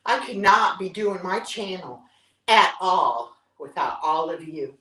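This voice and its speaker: A woman in her 60s leads a live workout stream for her fitness vlog, counting reps between breaths with breathless, upbeat whoops. Her lowish voice is expressive, pushed and bright, at a measured pace. An echoey room and distant mic shape the sound.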